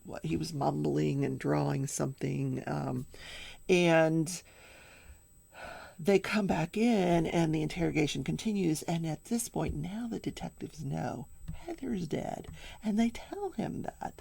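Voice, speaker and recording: An older woman hosting a daily crafting show, recapping a trial in casual chat with animated storytelling and hushed asides. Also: low voice, measured pace, creaky, breathy edge, no room sound. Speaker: daily crafting and true crime show host.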